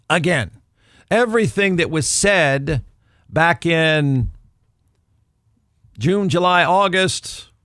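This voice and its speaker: A man's voice: on the high side, fairly bright tone, no room sound, studio quality. A man hosting a podcast, giving snarky, conversational college football commentary and repeating himself for emphasis. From Texas. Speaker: podcast host. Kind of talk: solo sports commentary.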